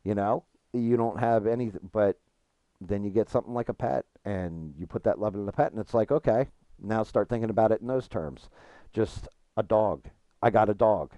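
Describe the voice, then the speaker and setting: A man's voice: on the low side, moderate pace, warm tone, dry recording, muffled recording. A man chatting casually with his stream chat while gaming, frank and profane, rambling and restarting his thoughts.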